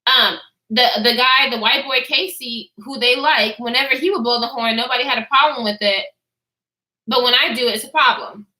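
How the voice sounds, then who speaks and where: A woman's voice: on the high side, moderate pace, pushed and bright. A woman in her twenties telling a casual story to her live chat, blunt and profane, chatting back to the viewers as she goes. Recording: echoey room.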